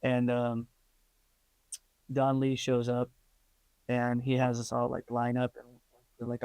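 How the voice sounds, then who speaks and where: A man's voice: medium pitch, slow pace, pauses often, smooth, dry recording. A man being interviewed, telling stories in a casual way, full of ums and likes, laughing and acting out what others said. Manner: animated, laughing, acts out quoted voices; many fillers like um and like. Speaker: interview guest, stunt performer and actor. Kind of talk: casual storytelling.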